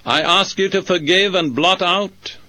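A man preacher leading a prayer in slow, measured, solemn phrases. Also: high-pitched, pushed and bright.

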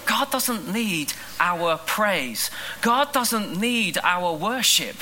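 A man preaching a sermon in an animated, emphatic way, rushing through asides and slowing down on key lines. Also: high-pitched, slight background noise, poor audio. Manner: animated, emphatic, shifts between quick asides and slow stressed lines. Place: school hall.

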